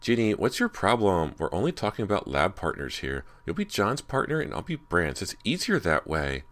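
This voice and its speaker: A man with a very deep voice voicing a pushy, joking teenage girl in an audiobook. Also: wildly swooping pitch, moderate pace, a bit bright. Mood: complaining. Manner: complaining, teasing.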